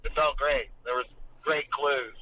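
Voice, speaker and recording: A man's voice: mid-range voice, fairly even intonation, a little slow. A man calling in to a podcast by phone while driving, laid-back and hesitant with many fillers. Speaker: guest calling in. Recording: tinny phone line cutting out.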